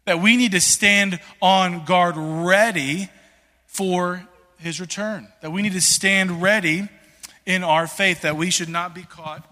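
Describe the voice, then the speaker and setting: Animated pastor in a ringing hall. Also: male voice, sits high, slow. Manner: conversational, animated, many "like"s and restarts. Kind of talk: sermon. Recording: long reverb in a large hall.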